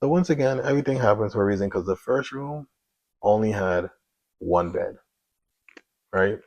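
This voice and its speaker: A man with a deep, gravelly voice tells his personal story in a casual, emotional testimony. His tone is husky and rough at the edges, and he keeps it conversational with easy slang. The sound is close and dry. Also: animated, moderate pace, darkish tone, dry recording, poor audio. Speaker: single father telling his story.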